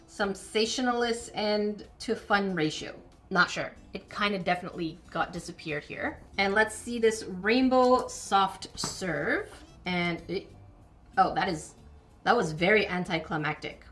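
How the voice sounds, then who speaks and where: A woman's voice: medium pitch, a bit bright. A woman chatting playfully through an unboxing of miniature food kits, sometimes mock-indignant. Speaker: miniature crafting vlogger. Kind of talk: unboxing voice-over.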